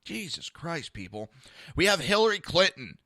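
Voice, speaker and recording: A man hosting a talk podcast, his voice sharp and tense, fairly high for a man. He rants bluntly and sarcastically, swearing freely and talking to his listeners. The sound is dry and close. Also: sing-song, normal speed, no room sound. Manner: blunt, profane and sarcastic ranting; talks to listeners in a live chat. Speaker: podcast host. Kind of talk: live political commentary podcast.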